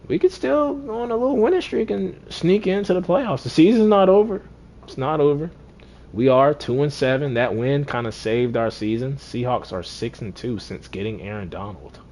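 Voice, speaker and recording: A man casually commentating his own football video game run, talking to himself, repeating lines and swinging between deflated and excited. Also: mid-range voice. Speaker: gaming streamer.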